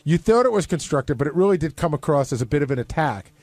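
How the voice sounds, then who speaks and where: A man with a high, very lively voice fires off long run-on arguments at speed. He needles and presses the other speaker in a casual studio chat, and the sound is dry and close. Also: no echo. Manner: fast, pointed, needling. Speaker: radio show panelist.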